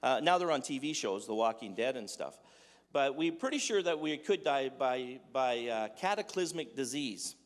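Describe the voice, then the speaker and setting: A man's voice: mid-range voice, expressive, moderate pace. A man giving a humorous sermon in a conversational, joking way, full of rhetorical questions. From Dutch heritage. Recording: echoey hall with long reverb.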